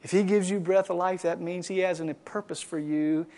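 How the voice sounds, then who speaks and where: A male pastor preaching to a congregation and leading a prayer, swinging from loud impassioned exhortation to quiet, hushed pleading. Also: high voice, fairly even intonation, normal speed. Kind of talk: sermon and closing prayer. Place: church service.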